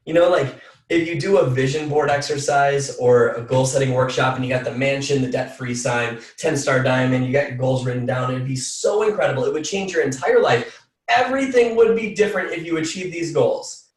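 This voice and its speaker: Energetic man coaching in an echoey room. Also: mid-range voice, brisk, far from the mic. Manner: energetic, repeats phrases for emphasis. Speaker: team call speaker. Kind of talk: motivational coaching talk.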